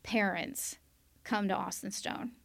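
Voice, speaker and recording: A woman's voice: medium pitch, fairly even intonation, takes it slowly, vocal fry. A woman sharing a candid personal testimony on a podcast, earnest and quoting her past self aloud. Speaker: guest sharing her story.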